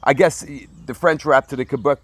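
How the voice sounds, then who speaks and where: A man hosting a relaxed interview, with a voice of ordinary pitch. He pushes the talk along with short questions and keeps dropping in quick agreement. The recording is close and dry. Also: dry recording. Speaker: interviewer, show host. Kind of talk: casual interview chat.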